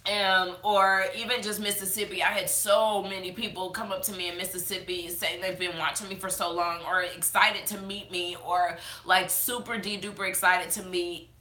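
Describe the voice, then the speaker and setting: A woman's voice: lowish voice, little pitch movement, moderate pace, hardly any pauses, sharp tone, roomy sound. A woman chatting casually on a live stream, reading viewer comments with many fillers, tearful and fighting back crying. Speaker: beauty vlogger hosting a live chat.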